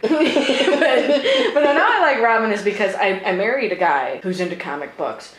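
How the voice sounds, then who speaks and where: Very animated and a little high-pitched, a woman in her thirties co-hosts a casual chat podcast at normal speed. She's chatty, laughs often and swears plenty. The room is echoey with faint background noise.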